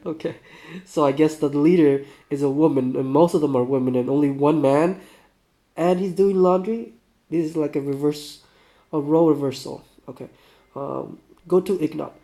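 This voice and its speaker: A man's voice: fairly high pitch, normal speed, mellow. A man playing through a survival game, reading its story text aloud with casual asides. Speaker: game walkthrough YouTuber.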